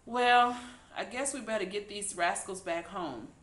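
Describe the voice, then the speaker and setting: A woman voicing an eager young farm boy in a read-aloud storybook, talking excitedly. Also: medium pitch, a little slow, reverberant, voice pushed up, natural voice.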